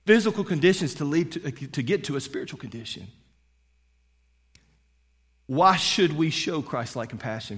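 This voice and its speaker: A middle-aged male pastor delivering a sermon, swinging between loud preaching and hushed storytelling. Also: on the high side. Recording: long hall reverb.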